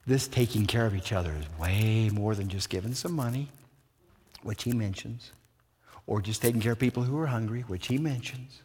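A man's voice: on the low side, normal speed, slightly rough. A man preaching a sermon as pastor, telling stories with energy and quizzing his congregation with questions. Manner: animated storytelling with questions to the congregation. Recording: long church hall reverb.

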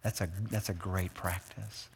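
A man's voice: sits low, a little slow, gravelly, husky. A man preaching a sermon as pastor, telling stories with energy and quizzing his congregation with questions. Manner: animated storytelling with questions to the congregation. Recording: long church hall reverb.

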